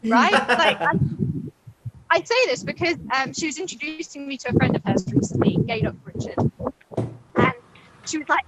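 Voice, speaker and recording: A woman in her twenties from the UK doing deadpan stand-up comedy over a video call. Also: high-pitched, moderate pace, pauses often, noisy background. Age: 20s. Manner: deadpan, mimics others in put-on voices.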